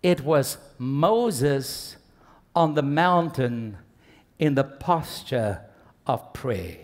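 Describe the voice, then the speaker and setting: A man preaching a sermon, moving between soft hushed asides and loud impassioned passages, talking straight to the congregation. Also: medium pitch, expressive, extremely slow. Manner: talks to the congregation directly with call-and-response prompts. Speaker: pastor.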